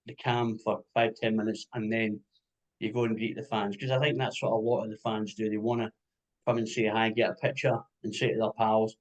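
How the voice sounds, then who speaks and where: Scottish man, lively interviewer. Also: fairly low pitch, fairly quick, low-quality recording. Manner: animated storyteller, swears and jokes. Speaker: music interviewer. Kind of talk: casual interview chat.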